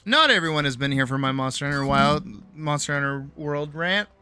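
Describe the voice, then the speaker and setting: This tired streamer and animator, jaw sore, chats late at night from home into a desk mic, rambling, cursing freely and making fun of himself. His voice is a little high, sharp and animated, a bit fast, and the sound is smooth.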